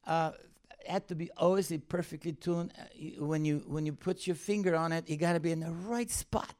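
A man with a somewhat high voice tells a story from the pulpit in lively. He laughs often, jumps up in pitch when he gets worked up, and settles lower as he draws the lesson. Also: moderate pace. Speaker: preacher telling a personal story. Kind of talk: anecdotal sermon.

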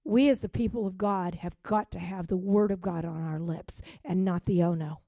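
A woman preaching a sermon with passion, swinging from loud rising calls to hushed, quiet drops. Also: on the low side, fairly even intonation, normal speed, no echo. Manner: impassioned, with sudden loud rises and hushed drops.

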